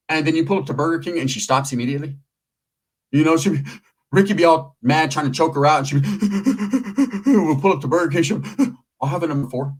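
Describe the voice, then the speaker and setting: Rambling, foul-mouthed man telling stories. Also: on the high side. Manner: profane, rambling, streetwise. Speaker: vlogger. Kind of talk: casual storytelling to camera.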